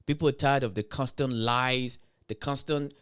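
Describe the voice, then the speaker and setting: A man's voice: medium pitch, fairly even intonation, normal speed, a bit bright, smooth. A man streaming live, hosting a blunt, profane commentary rant with emphatic delivery.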